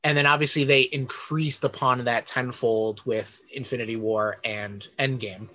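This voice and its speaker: Male podcast co-host, bright and forceful tone, loose rambling delivery full of ums. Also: medium pitch, moderate pace, dull audio. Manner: rambling, many fillers, animated. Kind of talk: casual chat about films and comics.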